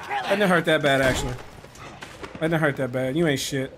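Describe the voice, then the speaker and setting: A man's voice: medium pitch, fairly quick, background noise. A man doing let's play commentary, trash-talking the game with constant swearing. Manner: profane trash talk at the game. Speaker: gameplay commentator. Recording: game audio and music under voice.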